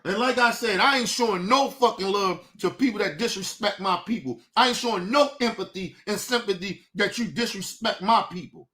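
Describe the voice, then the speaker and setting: High-voiced man ranting angrily. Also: normal speed, hardly any pauses. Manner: profane, angry, swings from muttering to shouting. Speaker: show host. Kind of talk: heated commentary rant.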